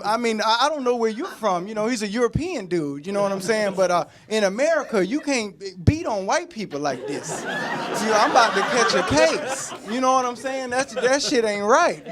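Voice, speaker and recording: A man performing a stand-up set in a comedy club, animated and profane, laughing through his own punchlines. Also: sits high. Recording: live club with loud crowd. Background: live audience laughing.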